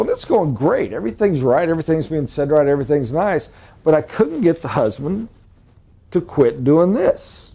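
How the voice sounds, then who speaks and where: Middle-aged male sales coach lecturing a room, animated and emphatic, mellow-toned voice. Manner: animated, emphatic, jumps to high excited pitch for emphasis. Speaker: sales trainer. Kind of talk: live training lecture.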